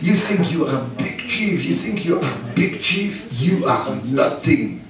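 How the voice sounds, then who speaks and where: A man doing a shouting French stranger. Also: on the high side, big pitch swings, a little slow, over music, pitched above the performer's own voice. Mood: scolding. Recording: echoey hall, distant mic, audience.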